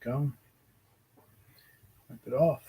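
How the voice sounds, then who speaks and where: A man chatting away on a casual painting livestream, his voice sitting at a middling pitch. He rambles from topic to topic and calls out to viewers by name as he works. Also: drawn-out words, dark tone, slightly rough. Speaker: livestream host painting miniatures.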